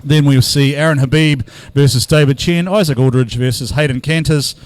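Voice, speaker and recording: A man's voice: mid-range voice, moderate pace, dry recording. A man commentating live at an outdoor drift event, bantering and teasing the crowd between battles.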